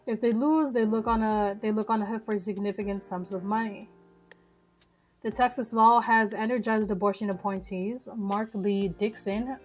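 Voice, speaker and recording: A woman's voice: mid-range voice, darkish tone. A young woman reading news articles aloud on a live stream, stumbling over words and breaking in with blunt, profane rants.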